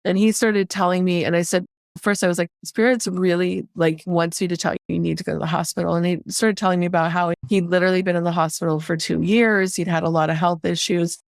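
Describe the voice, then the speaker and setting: A woman medical intuitive chats on a podcast, recounting a story and slipping into the voices of its people. Her voice sits on the low side. The sound is close and dry. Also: fairly even intonation, fast talker, vocal fry, no room sound. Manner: chatty, quotes voices in her stories. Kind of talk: casual storytelling.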